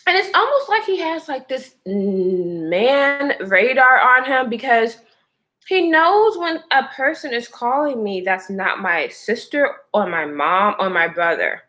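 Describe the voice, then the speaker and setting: Animated, bright-voiced woman telling a story to her chat. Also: on the high side, unhurried. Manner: chatty, addresses viewers as girl and y'all, answers chat comments; animated, with frequent laughter. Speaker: livestreamer. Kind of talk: casual storytelling to a live chat.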